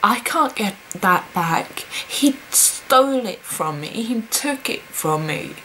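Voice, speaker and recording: A young woman speaking in a personal confessional vlog, hesitant and halting, with many pauses and fillers. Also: medium pitch, animated, pushed and bright, slight background noise, poor audio. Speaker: vlogger.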